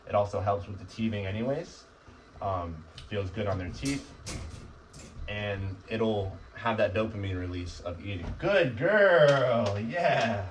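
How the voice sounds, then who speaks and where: A man's voice: lowish voice, measured pace, recorded from a distance, a little hiss or hum, low-quality recording. A man who trains dogs, explaining crate training casually and often asking "right?". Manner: conversational, often asks "right?". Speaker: dog trainer. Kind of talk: casual instructional talk.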